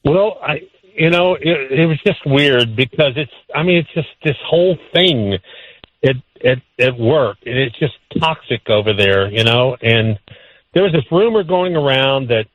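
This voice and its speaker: A man on a radio call, halting and evasive, full of ums and restarts. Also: mid-range voice, highs cut off. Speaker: caller on the phone. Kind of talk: evasive phone conversation.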